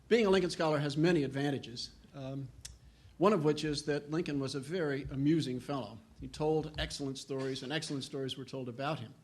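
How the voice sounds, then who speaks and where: An older man, a historian giving a humorous storytelling lecture who often clears his throat and acts out quoted voices. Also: on the high side, brisk.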